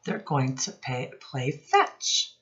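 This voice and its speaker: A woman teacher reading a picture book aloud to young children, asking them questions in a slow, sing-song teacherly way. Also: extremely low pitch, huge pitch swings, a bit bright, muffled recording.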